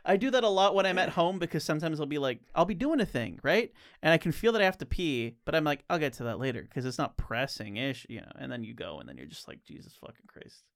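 Wry man with a slightly high voice. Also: very animated, fast talker, vocal fry, few pauses, fairly bright tone. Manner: wry storyteller, quoting people in his stories. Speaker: podcast co-host. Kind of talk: casual podcast chat.

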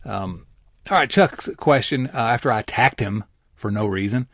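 A man's voice: mid-range voice, moderate pace, fairly bright tone, no echo, studio quality. A man co-hosting a casual sports podcast, rambling with fillers and teasing his partner. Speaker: podcast co-host.

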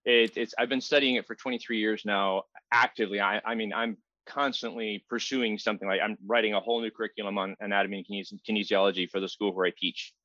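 A man who is a massage therapist and anatomy teacher, a guest explaining things in a measured way in a casual interview. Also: fairly low pitch, steady tone, sharp tone, dry recording, highs cut off. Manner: measured, explanatory, some repeated words.

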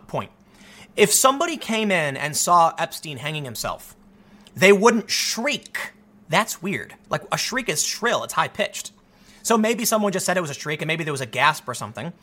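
A man talking through a casual commentary monologue, animated and often restarting his sentences. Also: high voice. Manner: animated, repeats himself, many restarts. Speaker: commentary host.

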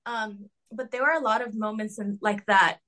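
A young woman talking casually as an interview guest, full of fillers, sometimes jumping high to act out quotes. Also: fairly even intonation, normal speed, a bit bright. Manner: chatty, filler-heavy with lots of "like" and "um"; acts out quotes in a high mocking voice.

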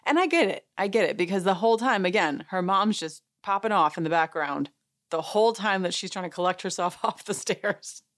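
A woman's voice: mid-range voice, animated, a little fast, fairly bright tone. A woman hosting a podcast, casually recapping a show as an amused, chatty storyteller who laughs and acts out what others said. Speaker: podcast host.

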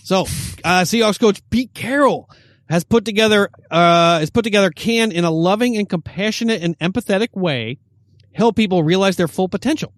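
Male host, high-pitched, rambling, reads sports news, very dry studio mic. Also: no echo. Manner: rambling, stammers and restarts. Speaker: podcast host. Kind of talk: casual sports chat and reading news.

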